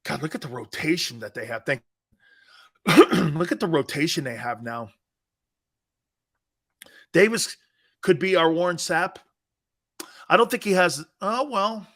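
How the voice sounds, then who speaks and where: Loud american sports show guy, middle aged, bright and punchy, goes off reading chat. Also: a little high, measured pace, long pauses. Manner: animated, loud bursts, laughs a lot. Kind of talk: casual live sports talk.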